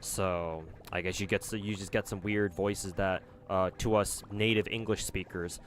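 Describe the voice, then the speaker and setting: Brief: casual male streamer, low voice, rambling chat with fillers, faint hiss behind. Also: steady tone, normal speed.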